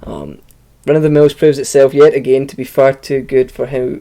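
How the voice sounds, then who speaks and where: A man's voice: mid-range voice, flat delivery, normal speed, warm tone. A man hosting a podcast, chatting casually and swearing freely as he jokes with his guest. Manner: swears a lot, joking. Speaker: podcast host. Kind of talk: casual chat.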